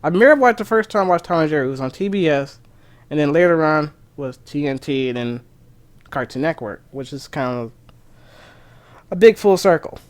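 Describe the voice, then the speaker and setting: Man, streamer, casual rambling chat, excitable, slightly high voice. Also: fairly quick. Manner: rambling, excitable, with frequent restarts. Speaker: gaming streamer.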